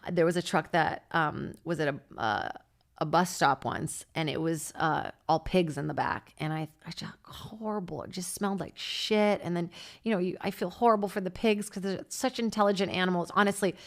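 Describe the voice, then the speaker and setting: A woman's voice: lowish voice, moderate pace. A woman comedian from Brazil, podcast host, chatting in a rambling comedic monologue into a studio mic, swearing and jumping between topics. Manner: chatty, swearing, jumps between topics with sudden loud squawks. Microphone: studio mic on a stand.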